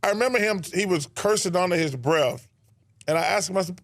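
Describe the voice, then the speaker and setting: High-voiced man laughing through a story. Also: animated, a little fast, a bit bright. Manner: amused, laughing while telling. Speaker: former pro basketball player. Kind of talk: storytelling interview clip.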